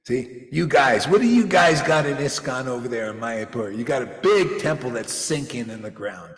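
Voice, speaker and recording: A man's voice: mid-range voice, animated, moderate pace, hardly any pauses, fairly bright tone, soft background music. A man giving an informal, confrontational devotional sermon, rambling and often asking "see?" to his listeners. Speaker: preacher. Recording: echoey hall with long reverb.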